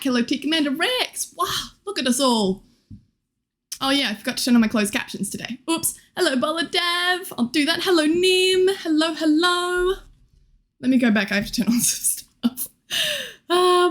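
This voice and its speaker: A young woman streaming live, chatting casually and greeting viewers, giggly and scattered, her voice a little worn. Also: high voice. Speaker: Twitch streamer.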